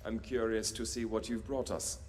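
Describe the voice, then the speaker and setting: An actor playing a brisk male space station vendor in a game, with a German accent and a curt, businesslike manner. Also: on the low side, fairly even intonation, darkish tone, lightly acted. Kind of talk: game character voice lines.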